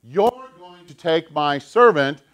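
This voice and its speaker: A man voicing an impatient, scheming woman over eighty, speaking in a hushed, conspiratorial way. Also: on the high side, lively intonation, slow pace. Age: over 80 (figure).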